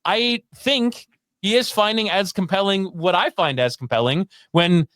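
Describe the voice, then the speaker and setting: A man, a guest sports broadcaster, chatting on sports radio with animated talk and quick restarts. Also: sits high, no room sound, studio quality. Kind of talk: casual sports radio chat.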